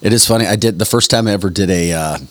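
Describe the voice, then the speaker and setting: A man's voice: lowish voice, quick pace, dry recording. A man hosting a morning radio show, bantering casually and reading out listener messages. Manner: jokey, reads listener messages aloud.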